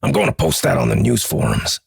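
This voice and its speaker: A man's voice: very deep voice, wildly swooping pitch, fairly quick, gravelly, husky, no room sound, studio quality, pitched below the performer's own voice, full character voice. A man voicing a blunt, impatient older man who speaks brusquely.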